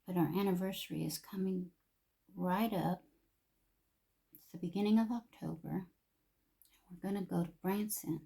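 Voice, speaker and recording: A woman's voice: fairly low pitch, fairly even intonation, normal speed, gravelly, long pauses, mellow. An older woman chatting while getting ready, emotional and confiding, sometimes dropping to a whisper. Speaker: vlogger.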